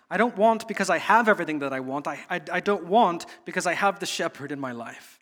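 Guy preaching a sermon, slightly high voice, keeps restarting his sentences. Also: lively intonation, fairly bright tone. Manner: earnest, repetitive, halting restarts. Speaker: pastor.

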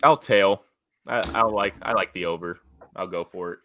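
Low-voiced Midwestern man, easygoing. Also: moderate pace, a bit bright, slight background noise. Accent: Midwestern American. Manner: easygoing, self-mocking, rambling. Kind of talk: casual sports betting chat.

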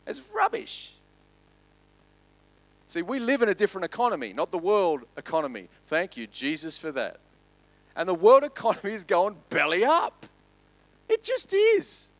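A male pastor preaching a sermon, swinging from loud to hushed. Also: high-pitched, big pitch swings, a little fast, dry recording, poor audio.

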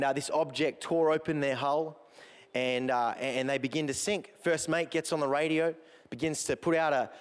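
Aussie pastor guy preaching, earnest, gets fired up, kinda high voice, big echoey church hall. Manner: earnest, builds in intensity, self-deprecating humor. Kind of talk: sermon. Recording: long hall reverb.

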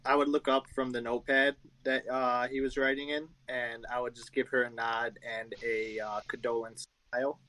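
Easygoing man in tabletop role-play, mid pitch. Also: little pitch movement, normal speed, few pauses, bright, forceful tone, poor audio. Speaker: player.

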